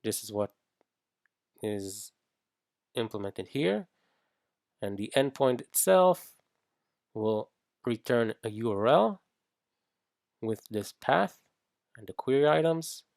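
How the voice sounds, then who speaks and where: A man talks through a coding tutorial at an unhurried, halting pace, pausing on fillers as he thinks aloud. His lowish voice has a gravelly edge, and the sound is dry and close. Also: lively intonation, a little mellow, dry recording. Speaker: iOS developer teaching. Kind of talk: screen-recorded coding tutorial.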